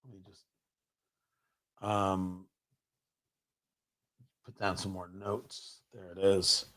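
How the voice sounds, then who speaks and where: A man's voice: deep voice, flat delivery, drawn-out words, a bit bright. A middle-aged man hosting a political commentary livestream, firing off sarcastic, heated rhetorical questions. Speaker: talk show host.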